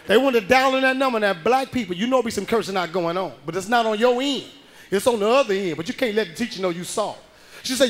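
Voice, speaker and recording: A man performing a stand-up comedy routine on a club stage, telling a story loudly and acting out the people in it. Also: high-pitched, fast. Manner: loud animated storytelling, acting out the people he quotes.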